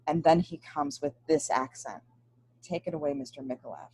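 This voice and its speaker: Low, husky woman hosting a webinar. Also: animated, normal speed, a little mellow, dry recording, low-quality recording. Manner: earnest, emphatic. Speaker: webinar host. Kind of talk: webinar introduction.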